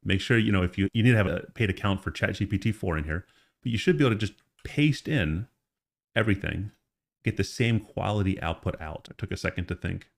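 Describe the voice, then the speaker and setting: A man's voice: low voice, brisk, creaky. A man teaching an online course lesson, explaining in a casual, conversational way with frequent check-ins to the listener. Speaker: course instructor. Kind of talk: screen-recorded tutorial lesson.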